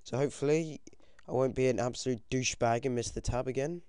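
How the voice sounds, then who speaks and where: Excitable British teen gamer, smooth dry voice. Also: male voice, mid-range voice, fast talker, no echo. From United Kingdom. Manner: excitable, swears a lot, yelps when things go wrong. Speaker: gaming commentator. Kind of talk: casual game commentary.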